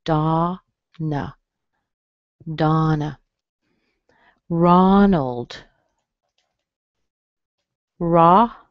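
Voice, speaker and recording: A low-pitched woman who talks slowly as she teaches pronunciation online. She says each word again and again in a patient way. The webinar audio is dull and muffled, with a dry, close sound. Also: no echo. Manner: slow, patient, repeats words for drill. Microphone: computer mic.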